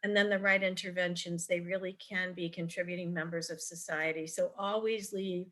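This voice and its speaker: With a lowish, fairly even voice and a sharp tone, a middle-aged woman speaks at a moderate pace on a video call. She's a parent advocate giving anecdote-filled advice in a chatty style at a virtual forum, with many ums and restarts.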